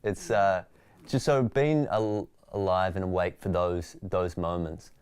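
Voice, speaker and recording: An Australian man, a stand-up comedian, telling stories in a relaxed, reflective way during an interview. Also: low voice, a little slow, clean tone, dry recording. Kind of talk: interview conversation.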